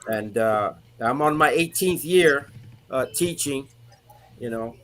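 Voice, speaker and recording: A man's voice: mid-range voice, expressive, slow, a bit bright. A man, a retired soldier turned teacher, telling good-humored stories on a video call with many fillers. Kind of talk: casual video-call chat.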